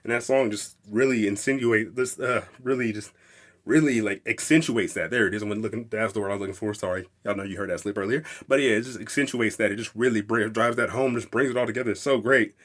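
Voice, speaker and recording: Excitable young man rambling about music. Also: lowish voice, quick pace. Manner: excitable, rambling, swears freely, laughs often, half-raps lyrics. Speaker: podcast host. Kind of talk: casual music commentary.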